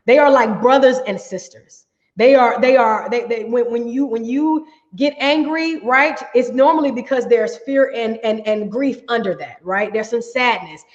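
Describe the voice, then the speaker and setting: A woman's voice: fairly high pitch, normal speed. A middle-aged woman coach giving a healing workshop talk, emphatic, often checking in with "right?". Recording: echoey, dull room sound.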